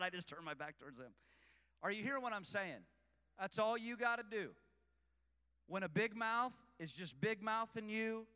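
A man preaching a sermon with passion, swinging between shouting and hushed asides. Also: high voice, clear, resonant tone, long reverb tail.

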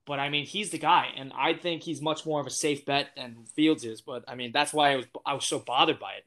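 An eighteen-year-old man talks loosely as a podcast guest, circling back with fillers and restarts. His voice sits a bit high and comes across bright and forceful. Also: fairly even intonation, a little fast, few pauses. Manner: rambling, many fillers and restarts. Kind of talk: casual chat.

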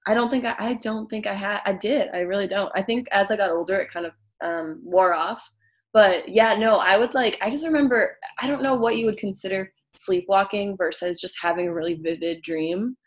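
A young woman in relaxed conversation tells her stories with animation. She slips into acted, panicky quotes as she goes. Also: medium pitch, fairly quick. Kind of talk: casual chat.

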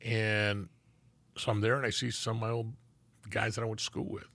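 Gravelly husky old ex-cop from LA, laid-back, cusses a lot, dry close sound. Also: male voice, fairly low pitch, flat delivery, normal speed, fairly bright tone, no room sound. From Los Angeles. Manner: laid-back, swears freely, acts out old friends' voices. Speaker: retired police officer, guest. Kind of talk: casual storytelling chat.

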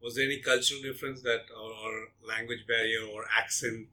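A man's voice: medium pitch, flat delivery, fairly quick, pushed and bright, poor audio. A man hosting an interview, asking long rambling conversational questions. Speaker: interview host.

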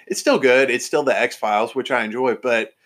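A man's voice: mid-range voice, normal speed, a bit bright. A man hosting a podcast, chatting casually and enthusiastically with lots of fillers and restarts. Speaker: podcast host.

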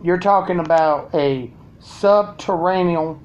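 A man's voice: on the high side, takes it slowly, dull audio. A man ranting crudely and sarcastically to his viewers from his home. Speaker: vlogger. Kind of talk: profane ranting monologue.

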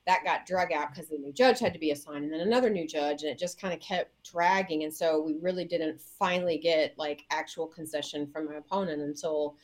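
A woman mayor in an interview, telling a story in a lively way, laughing and acting out what people said. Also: a little fast, hardly any pauses, low-quality recording. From Indiana, US. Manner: lively, laughing, acts out quotes with big pitch jumps. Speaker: mayor, guest.

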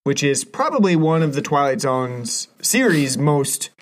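A man's voice: fairly high pitch, sing-song, unhurried. A man co-hosting a casual film review chat, rambling with many fillers and restarts. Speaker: podcast co-host reviewing a film.

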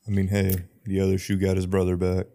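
A man in casual chat, reacting with quick teasing remarks. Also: sits low, monotone, warm tone.

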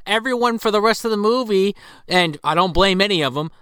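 A podcast co-host joking and recapping a movie in excitable, profane chat. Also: mid-range voice, fairly quick, clean tone, dry recording, clean studio sound.

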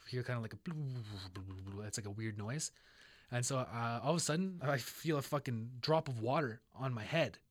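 A man's voice: medium pitch, normal speed, dry recording. A young man co-hosting a podcast, telling a rambling, profanity-laced story in a casual chat. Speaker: podcast co-host.

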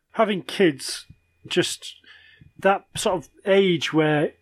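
A man's voice: on the high side, no room sound. A British man in his thirties co-hosting a podcast, chatting casually with blunt, crude humour. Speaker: podcast co-host. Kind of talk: casual chat.

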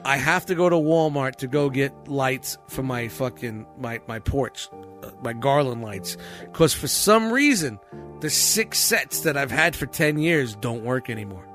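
Faint music plays as a man with a medium-pitched voice tells a story on a casual podcast, speaking a little slowly. Animated and profane, he swears a lot and keeps cracking up mid-story.

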